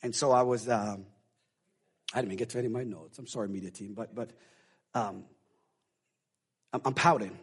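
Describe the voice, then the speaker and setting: Husky-voiced preaching pastor. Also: male voice, on the low side, steady tone, brisk, long pauses. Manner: emotional, swings from hushed confiding to loud preaching. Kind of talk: sermon. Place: church.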